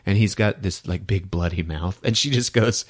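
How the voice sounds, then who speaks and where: A man's voice: low-pitched, moderate pace. A man hosting a podcast, recapping a movie for laughs, often laughing and breaking into character voices. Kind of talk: comedic movie recap with acted-out quotes.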